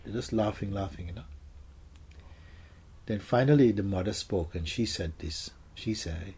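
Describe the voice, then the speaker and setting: A man, a spiritual teacher, gently telling stories and answering questions for a gathering in a soft, hushed way. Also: on the low side, moderate pace, long pauses, slightly rough. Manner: soft-spoken, gentle storytelling, often drops to a hush.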